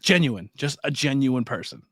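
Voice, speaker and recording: A man's voice: mid-range voice, lively intonation, normal speed, a bit bright, no echo. A man from Pennsylvania hosting a podcast, telling stories animatedly, swearing freely and laughing often. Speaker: podcast host. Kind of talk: casual interview chat.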